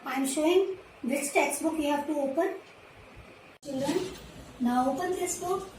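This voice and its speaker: Slow, high-voiced Indian woman teaching nursery. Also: darkish tone, recorded from a distance. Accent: Indian English. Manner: repeats words slowly and clearly for children to copy. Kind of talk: slow, patient classroom teaching to small children. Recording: roomy echo, voice from away from the mic, faint background noise.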